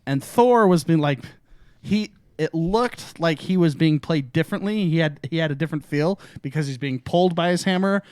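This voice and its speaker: A man's voice: on the high side, moderate pace, darkish tone, clear, resonant tone. A man co-hosting a gaming podcast in casual chat, eagerly explaining with examples. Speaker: podcast co-host.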